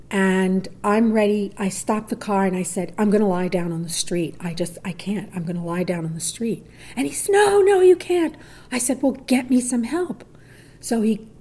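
With a mellow, dark, medium-pitched voice, a middle-aged woman recounts a personal story to a listener. Lively shifts mark the lines she performs for the people in it, and she sometimes sinks almost to a whisper.

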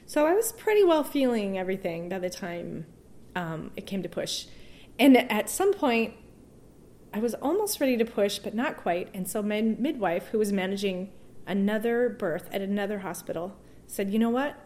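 A woman tells a personal story as an interview guest. Her voice sits at an everyday middle pitch. She talks in an emotional, halting way, restarting phrases and laughing softly between them. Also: lively intonation, a little hiss or hum.

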